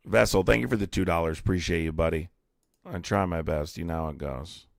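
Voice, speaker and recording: A blunt, profane man argues with callers and fires back at chat on a live stream. His voice sits very low with heavy vocal fry. The sound is close and dry. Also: brisk, no echo. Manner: blunt, profane, combative, reads chat aloud. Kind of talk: heated live-stream debate.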